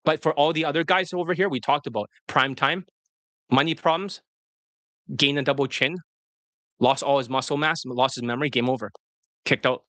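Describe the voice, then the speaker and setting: Man, dating coach, livestream talk, fast and rambling, dry close sound. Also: mid-range voice, steady tone, bright, forceful tone, no room sound. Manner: fast, rambling, self-interrupting.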